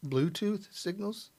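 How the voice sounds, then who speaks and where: Gravelly-voiced man in blunt chat. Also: sits high, darkish tone, a little hiss or hum. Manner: matter-of-fact, blunt asides. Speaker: podcast panelist. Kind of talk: casual chat.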